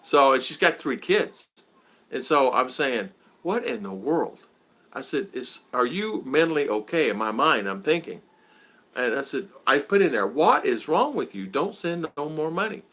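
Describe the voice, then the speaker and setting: This is the voice of an older man, medium in pitch and normal in pace, running a relaxed video chat as its host. Animated throughout, he recounts stories and acts out quotes full of exasperation.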